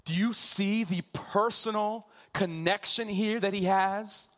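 Male preacher, fairly high voice, slow deliberate delivery, emphatic sermon style. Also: steady tone, fairly bright tone. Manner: slow, emphatic preaching, drawing out key phrases.

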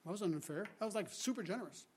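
Animated preacher man, rhetorical questions. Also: high-pitched, quick pace, breathy edge. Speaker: guest preacher. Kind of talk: expository sermon.

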